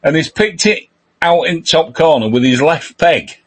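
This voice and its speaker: A husky-voiced older man co-hosting a football chat. His pitch swings widely as he talks emphatically and laughs along, hammering his point by repeating it. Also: animated, unhurried. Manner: emphatic, chuckling, repeats himself for effect. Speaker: podcast co-host.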